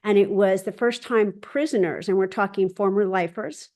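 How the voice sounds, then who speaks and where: Woman telling a lively story over video call. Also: medium pitch, normal speed. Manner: lively, quotes others in dialogue, frequent restarts. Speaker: host of a spiritual gathering. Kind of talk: casual personal storytelling.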